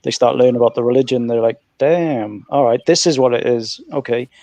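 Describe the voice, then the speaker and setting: Man, relaxed joking tone, dry close sound, casual chat. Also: medium pitch, fairly quick, dry recording. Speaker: panel member.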